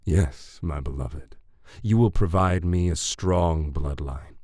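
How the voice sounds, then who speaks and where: A man voicing a menacing immortal male villain who speaks low, silky and commanding in an audiobook. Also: slow pace, darkish tone, no echo, studio quality, heavily acted. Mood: seductive.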